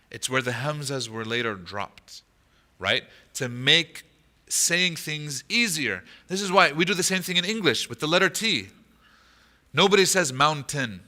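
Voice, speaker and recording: A man teaching a class on a Quran chapter in a mosque. He explains step by step, quizzes his listeners and slips into short Arabic recitations. His voice is very bright and sits at a middle pitch. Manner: explanatory, asks the audience rhetorical questions. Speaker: imam teaching Quran commentary. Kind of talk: lecture to an audience.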